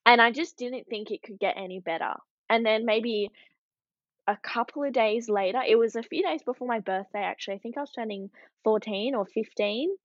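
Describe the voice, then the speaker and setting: A woman's voice: a little high, fairly quick, no room sound. A young woman with an Australian accent, a professional surfer chatting casually as an interview guest, upbeat and full of "like" fillers. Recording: dull, dry lo-fi recording.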